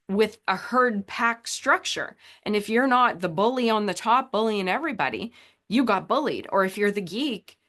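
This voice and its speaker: A woman hosting a motivational podcast, talking emphatically and acting out the inner voices in our heads. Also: a bit bright. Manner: emphatic, acts out inner voices with shifting pitch. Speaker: podcast host. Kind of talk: motivational solo talk.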